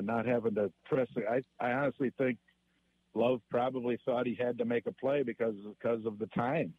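A male caller comes through a thin, phone-like line. He lays out game details methodically at a middle pitch. His tone is conversational and he stays focused on the point. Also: no room sound. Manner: detailed, methodical, play-by-play recounting. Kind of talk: sports radio call-in.

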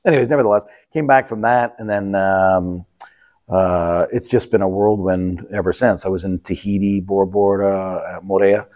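In a low, darkish voice with fairly even intonation and a moderate pace, a Canadian man co-hosting a travel podcast chats casually. He rambles on about his recent trips, sharing travel anecdotes and restarting frequently.

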